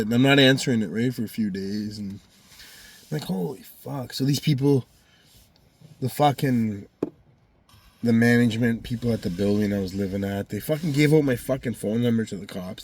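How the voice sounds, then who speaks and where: A man rants through a long personal story. His delivery is profane, heated and rambling, and his voice sits at an ordinary middle pitch for a man. He talks straight to his viewers in a vlog. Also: moderate pace. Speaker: vlogger.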